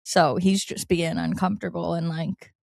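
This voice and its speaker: A lively woman chatting on an advice podcast, her voice sitting a little low. She laughs easily and reads listener letters out. The sound is close and dry. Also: moderate pace, creaky, no echo. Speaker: podcast co-host. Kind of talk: casual advice chat.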